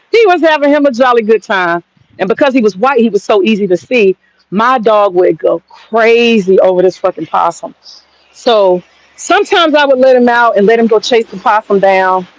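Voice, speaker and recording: The audio is dull and dry, and her voice sits a little high. Holding her phone outdoors in the backyard, this woman chats casually, telling rambling, profane stories.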